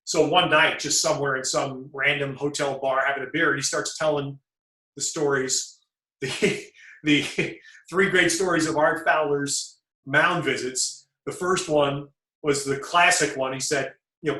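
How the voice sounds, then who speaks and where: A man hosting a sports talk show, trading baseball stories in an animated way and laughing often. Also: medium pitch. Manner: animated, laughing, quick to jump into his own story. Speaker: sports broadcaster host. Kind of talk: conversational storytelling in a talk show. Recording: echoey room.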